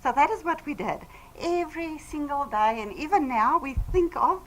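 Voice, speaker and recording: A woman's voice: high voice, lively intonation, moderate pace, a little hiss or hum, rough recording. A woman giving an earnest, emphatic testimonial speech to a live audience on a handheld microphone. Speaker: business team speaker.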